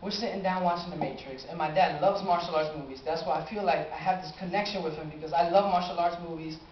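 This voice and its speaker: An eighteen-year-old man telling a personal story on stage, animated and acting out his own reactions. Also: fairly high pitch, fast talker, a little hiss or hum. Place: live stage in a small cafe venue. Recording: roomy, dull amateur live recording.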